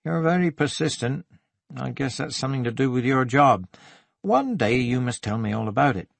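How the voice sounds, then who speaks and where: A male narrator voicing a gentle, soft-spoken theatre man with a wry, evasive manner, in an audiobook. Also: medium pitch, expressive, moderate pace, creaky, dry recording. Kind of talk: audiobook character voice.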